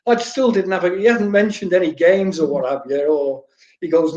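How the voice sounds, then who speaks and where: A man's voice: sits high, moderate pace, darkish tone. Storytelling man, roomy lo-fi sound. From Wales. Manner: anecdotal, repeats words, laughs while telling stories. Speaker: former goalkeeper guest. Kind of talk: storytelling interview answers.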